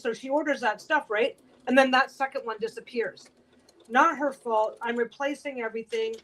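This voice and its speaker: A woman's voice: fairly high pitch, normal speed, fairly bright tone, rough recording. A woman chatting casually to her livestream viewers while she sews at home, talking bluntly and swearing freely. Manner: swears a lot, blunt and talkative. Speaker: quilter and livestream host. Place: home sewing room.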